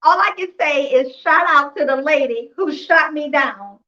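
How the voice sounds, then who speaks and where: A woman hosting a couponing live stream, telling a story in a chatty, animated way, acting out the dialogue and laughing often. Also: sits high, moderate pace, muffled recording. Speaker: couponing livestream host. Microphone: phone or computer mic on a live stream.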